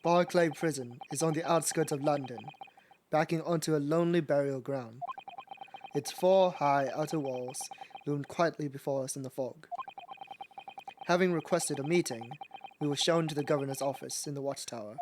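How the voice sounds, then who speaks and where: A man's voice: on the high side, normal speed, background noise. A man co-streaming a game, teasing and laid-back, also reading narration aloud. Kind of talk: casual let's play commentary and reading narration.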